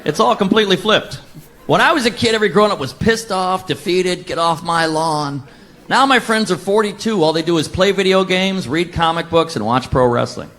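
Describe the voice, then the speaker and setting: Doing stand-up, a man from the United States in his thirties tells his stories briskly, his voice sitting high. He animates the jokes by slipping into put-on voices.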